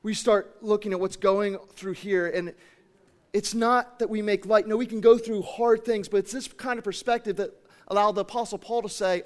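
Preacher, man, high-pitched, fervent, alternates loud and hushed delivery. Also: steady tone, normal speed. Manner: impassioned, swinging between loud declarations and hushed tones. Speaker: pastor. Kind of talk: sermon.

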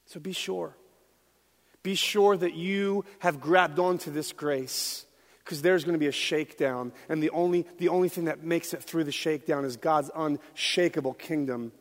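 A middle-aged man preaching a sermon as pastor, swinging from quiet talk to loud shouts. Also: fairly high pitch, fairly even intonation, moderate pace. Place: church hall. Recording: long hall reverb.

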